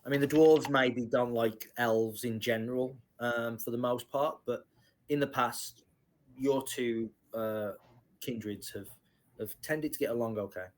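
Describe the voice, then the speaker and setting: A man running a tabletop fantasy game, explaining the world to his players. He talks slowly and hesitantly, with frequent ums and restarts. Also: medium pitch, steady tone. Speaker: game master.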